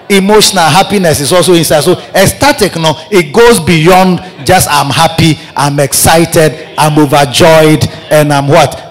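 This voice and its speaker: A man with a Ghanaian English accent, a bishop preaching a sermon in animated, repetitive bursts, calling out to his congregation. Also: high voice. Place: large church hall. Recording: church hall reverb with congregation.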